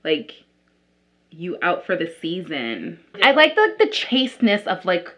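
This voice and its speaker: A woman's voice: on the low side, wildly swooping pitch, unhurried, a bit bright. A young woman vlogger chatting casually as she does her makeup, rambling with lots of likes and restarts. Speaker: beauty vlogger. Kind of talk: casual chat while doing makeup.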